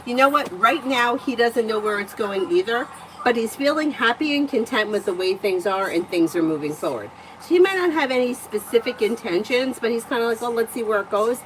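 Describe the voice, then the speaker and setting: A woman's voice: a little high, lively intonation, a little fast, a bit bright, a little hiss or hum, rough recording. A woman livestreaming as a tarot reader, telling stories in a chatty way, laughing often and swearing freely. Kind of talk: casual storytelling and tarot reading.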